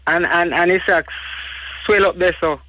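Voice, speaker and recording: A man's voice: high-pitched, steady tone, moderate pace, crowd noise, low-quality recording. A Jamaican man calling into a radio show, rambling and defensive. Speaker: caller. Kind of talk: phone-in talk.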